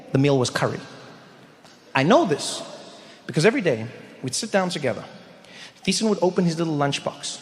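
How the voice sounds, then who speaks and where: A man doing stand-up in a large live venue, telling a story with animated delivery and shouted punchlines. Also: fairly high pitch. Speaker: stand-up comedian. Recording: live show in a reverberant venue.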